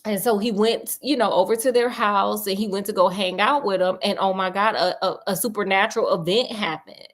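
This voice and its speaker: A woman retelling a story in a comedic, slangy, animated way, talking straight to her listener. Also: medium pitch, brisk, few pauses.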